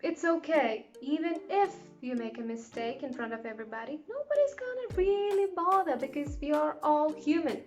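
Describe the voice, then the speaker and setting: High-voiced woman giving chatty advice. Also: expressive, moderate pace, few pauses, a little mellow, soft background music. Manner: chatty and encouraging, with lots of fillers and asides. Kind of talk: casual advice chat to camera.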